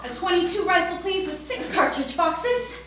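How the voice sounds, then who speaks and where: A woman's voice: very high-pitched, animated, moderate pace, a bit bright, voice pushed up. A woman voicing a stubborn eleven-year-old boy who insists on what he wants, heard from a distance in an echoey space. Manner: sulky, insistent. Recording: echoey, distant, faint noise.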